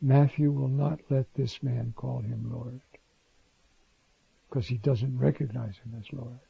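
A man's voice: medium pitch, fairly even intonation, slow pace, gravelly, slightly rough, no room sound. A man teaching scripture in a conversational sermon, with informal asides and restarts, on a dull lo-fi recording.

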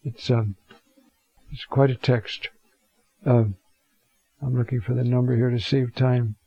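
A man teaching a Bible talk, reflective and unhurried, reading scripture passages aloud with emphasis. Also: medium pitch, level tone, slightly rough, no echo. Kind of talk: scripture lecture. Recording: dull lo-fi sound.

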